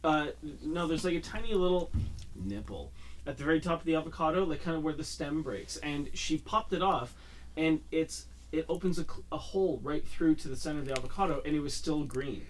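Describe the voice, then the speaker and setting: A man's voice: on the high side, a little fast, slight background noise. A man in a casual podcast chat over drinks, telling a story in a modest, easygoing way.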